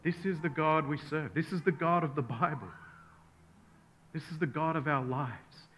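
An earnest male pastor preaches with a bright, forward voice that sits a little high for a man. He swells to emphatic peaks and then falls soft and intimate. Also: normal speed, slight background noise. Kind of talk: sermon.

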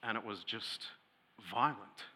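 Bright-voiced man preaching a sermon. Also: fairly low pitch, takes it slowly. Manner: storytelling, growing loud and heated when retelling an angry scene; conversational with many fillers and restarts. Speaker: pastor.

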